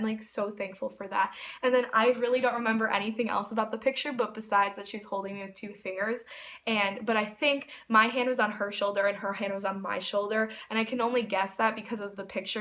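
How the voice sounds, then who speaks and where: A woman's voice: mid-range voice, a bit bright. A young woman telling a personal story to her camera in a casual, gushing way, full of "like"s. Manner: gushing, filler-heavy with many "like"s. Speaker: vlogger.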